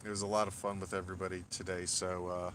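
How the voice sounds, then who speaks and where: A man chatting casually with his audience at the end of a late-night livestream, loose and profane, getting excitable when he corrects a pronunciation. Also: deep voice, quick pace, a little hiss or hum. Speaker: livestream host.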